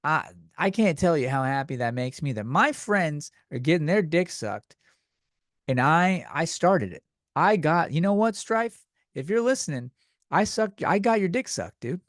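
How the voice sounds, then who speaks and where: A man's voice: on the high side, lively intonation, a little slow, no echo, studio quality. A man hosting a comedy podcast, talking bluntly with lots of swearing, rambling and restarting his sentences. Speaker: podcast host.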